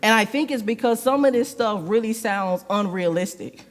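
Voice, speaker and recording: A woman's voice: a little high, moderate pace. Joking woman elder, echoing church hall. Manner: sarcastic, humorous, swings from joking to earnest. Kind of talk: conversational sermon. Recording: long reverb in a church hall.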